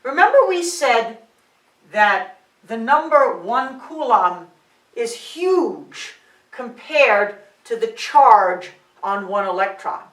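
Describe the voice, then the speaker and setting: A woman teaching high school physics who often checks in with "all right" and "okay" and counts digits aloud. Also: lively intonation, slow pace, fairly bright tone. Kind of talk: classroom lecture at a board. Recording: roomy sound, mic set at a distance.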